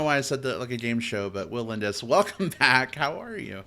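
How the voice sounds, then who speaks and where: Male podcast host, bright and upbeat, casual chat with fillers. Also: medium pitch, expressive, moderate pace.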